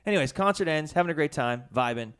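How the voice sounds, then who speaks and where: Fast-talking man telling a rambling story. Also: a little high, expressive, fairly bright tone, clean tone. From Canada. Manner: rambling anecdotes, swears freely, acts out quoted people. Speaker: podcast co-host. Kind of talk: casual chat, storytelling.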